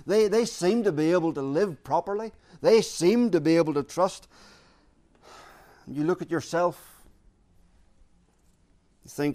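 A man preaching a sermon, earnest and deliberate, repeating key phrases for emphasis. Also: fairly high pitch, darkish tone.

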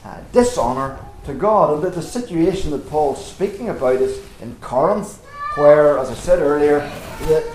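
A man's voice: fairly high pitch, darkish tone, slight background noise. Male preacher, earnest and emphatic, rhetorical questions; echoey church with faint ambience. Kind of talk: sermon.

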